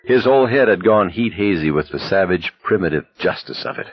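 A man narrating an audiobook in an expressive, dramatic reading. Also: sits low, a little fast, breathy edge, no room sound, muffled recording.

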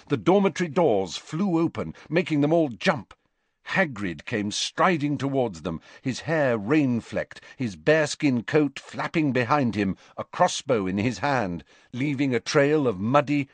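A man's voice: mid-range voice, no echo. A man narrating an audiobook expressively, switching into character voices.

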